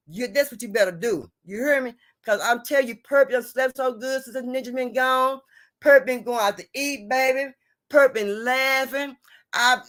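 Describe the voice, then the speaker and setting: A woman's voice: a little high, fairly bright tone. A middle-aged or older woman lecturing viewers on relationships in a blunt, preachy way, often asking if they hear her. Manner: preachy, repeats "you hear me?" and "you see what I'm saying?"; blunt and salty, drawn-out emphasis. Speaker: vlogger giving relationship advice. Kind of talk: emphatic advice rant to viewers.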